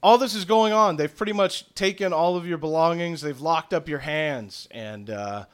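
A man's voice: a little high, normal speed, clear, resonant tone. A young man narrating a tabletop game as game master in a casual, laughing way. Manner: casual, fillers, laughs often.

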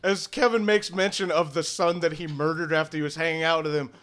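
A man narrating scenes as game master of a tabletop game, steady and descriptive with a few fillers. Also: on the high side, brisk.

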